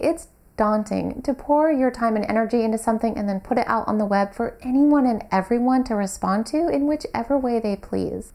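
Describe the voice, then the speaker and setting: A woman's voice: a little high, a little mellow. A young adult woman vlogging about books, speaking earnestly and articulately to her viewers. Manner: earnest, articulate, self-critical in bloopers. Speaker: book vlogger. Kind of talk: scripted vlog address then outtakes.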